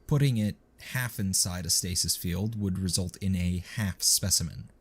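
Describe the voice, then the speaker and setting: A man narrating a written story in a steady, measured reading. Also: sits low, breathy edge. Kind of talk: scripted narration.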